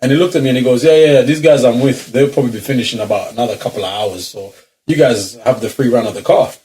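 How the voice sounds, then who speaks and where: A man, a podcast co-host telling an animated, slang-heavy story and laughing through it. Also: medium pitch, fast. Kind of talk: casual storytelling chat.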